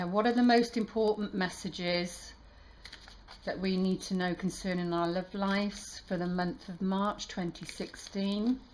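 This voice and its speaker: A woman tarot reader talking warmly to her viewers, halting and emotional, with many restarts. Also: fairly low pitch, a little hiss or hum. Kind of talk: casual heartfelt channel talk.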